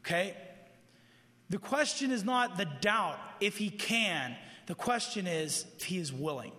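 A high-pitched man preaches a sermon to an audience in a room, earnest and conversational, repeating himself to stress his points. His intonation is lively, his pace measured, his tone pushed and bright, with a long reverb tail. He lives with heart disease and tires easily.

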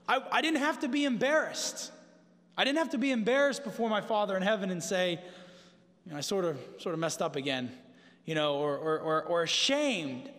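A man's voice: very high-pitched, fairly bright tone. A man preaching a sermon in a conversational, emphatic way, turning to the congregation with asides. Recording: long hall reverb.

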